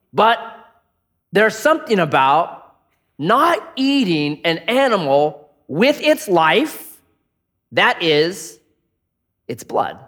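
A middle-aged man preaches with a high-pitched voice that rises and falls in animated swings. He tells stories and acts out the people in them. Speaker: pastor. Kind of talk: sermon with storytelling.

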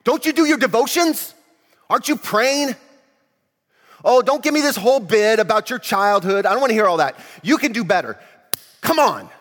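A man voicing a stern, scolding Jesus figure, exasperated and loud. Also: very high-pitched, expressive, normal speed, in a large hall, pitched above the performer's own voice. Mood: angry.

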